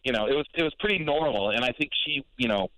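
A man's voice: mid-range voice, expressive, fast, bright, forceful tone, no room sound, poor audio. Young male caller, rambling and unsure, dry sound. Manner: hesitant, rambling, full of fillers. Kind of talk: casual radio call.

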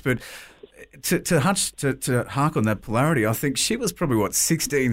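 A man hosts an interview with a mid-pitched voice. He talks in a relaxed, conversational way and guides the talk with questions. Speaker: podcast and radio host. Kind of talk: interview chat.

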